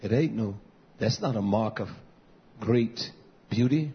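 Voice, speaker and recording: A man preaching a fiery sermon as pastor, dropping to low mutters and rising to shouted, high cries. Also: unhurried, breathy edge. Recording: dull lo-fi sound.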